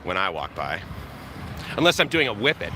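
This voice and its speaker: A man's voice: fairly low pitch, noisy background. A man hosting a live walk-and-talk vlog by the sea, rambling and joking with viewers, recorded on a camera held out on a stick. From USA. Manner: rambling, joking, chuckling often. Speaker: vlogger, live-stream host. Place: outdoor seaside walkway. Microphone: camera on a selfie stick.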